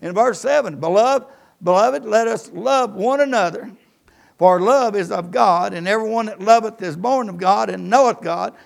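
A pastor delivers a church sermon, his voice pitched high for a man and full of gravelly fry. He quotes scripture and swells and drops his emphasis as he preaches. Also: normal speed. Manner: preaching with rising and falling emphasis, quoting scripture.

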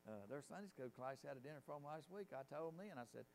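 A man's voice: fairly high pitch, lively intonation, quick pace, a little mellow, slight background noise, rough recording. A middle-aged man with a Southern US accent, a pastor giving folksy, rambling announcements and closing remarks in a church sanctuary. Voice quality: gravelly, creaky. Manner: folksy, rambling, storytelling with filler "uh".

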